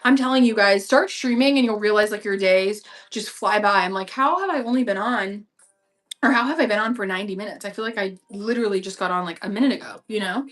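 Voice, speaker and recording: A woman's voice: mid-range voice, fast talker, fairly bright tone. A young woman with a chatty, gushing manner, full of slang and fillers, selling clothes on a live stream.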